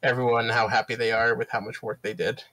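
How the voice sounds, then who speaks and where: A man narrating as dungeon master in a tabletop game, relaxed, with frequent fillers. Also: medium pitch, fast talker, a crowd in the background. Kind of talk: running a tabletop game over a live stream.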